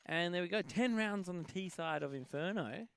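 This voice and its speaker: Gravelly-voiced esports caster. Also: male voice, high-pitched, lively intonation, normal speed. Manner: jokey, playful banter. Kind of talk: live game commentary.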